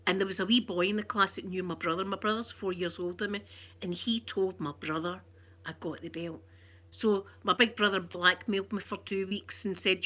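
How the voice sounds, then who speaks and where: A Scottish woman telling a childhood story in chatty, animated ASMR style, often laughing. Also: mid-range voice, a little fast.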